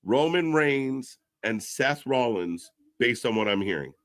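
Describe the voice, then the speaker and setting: A man giving casual live commentary, reacting excitedly and chatting to viewers. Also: measured pace. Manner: excitable, pitch jumps when reacting, chatty asides to viewers.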